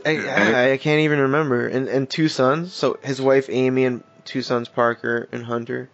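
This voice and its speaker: A man's voice: mid-range voice, steady tone, normal speed, dull audio. A man hosting a casual true-crime podcast, talking loosely with plenty of swearing and reading articles aloud with offhand asides. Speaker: podcast host.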